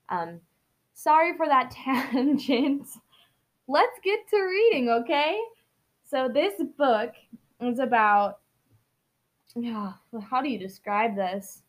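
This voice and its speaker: A woman hosting a book podcast, chatting in a bubbly, rambling way, laughing at herself before she reads a novel aloud. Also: on the high side. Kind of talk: chatty intro, then reading aloud.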